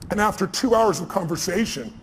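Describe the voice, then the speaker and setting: Fast-talking man, emphatic storyteller. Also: high voice, animated, a little hiss or hum. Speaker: speaker on stage. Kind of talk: stage conversation, storytelling. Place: large event hall with audience. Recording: reverberant hall, faint ambience.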